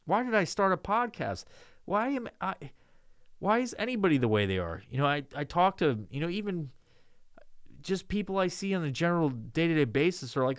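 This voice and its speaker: A man's voice: on the high side, big pitch swings, normal speed, no room sound, studio quality. A man from New York hosting a podcast, ranting and joking with lots of swearing in a loose monologue. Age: adult with a child. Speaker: podcast host.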